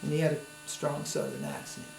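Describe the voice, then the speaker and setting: A slightly high, creaky voice with level tone belongs to a swami talking a little fast. Through casual anecdotes and tag questions, he leads his listeners through a spiritual lecture. Recorded in a roomy space with faint hum.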